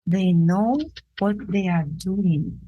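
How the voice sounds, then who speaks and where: Slow, halting woman art teacher. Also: on the low side, dull audio. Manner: halting, searching for words; unhurried, thinking aloud while drawing. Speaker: art instructor. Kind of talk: drawing demonstration lesson.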